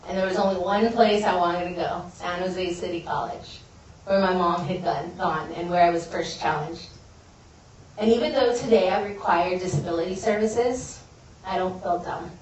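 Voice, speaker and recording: A woman with a fairly low, slightly mellow voice talks at a normal speed with fairly even intonation. She is a guest speaker at a college event, offering a sincere, heartfelt account of her own life. The recording, made from afar in a large building, has the echo of a big hall.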